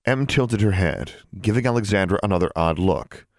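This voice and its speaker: A man reading a fantasy novel aloud as an audiobook narrator, with expressive storytelling. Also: fairly low pitch, moderate pace, no room sound, clean studio sound. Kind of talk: scripted narration.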